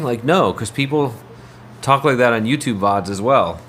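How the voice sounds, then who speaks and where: A man's voice: medium pitch, moderate pace, fairly bright tone, slight background noise. A man livestreaming, chatting casually in a rambling way and answering his viewers' messages.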